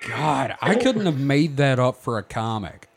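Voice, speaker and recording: A man's voice: mid-range voice, sing-song, measured pace. A man hosting a podcast, joking crudely and swearing in casual chat. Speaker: podcast host.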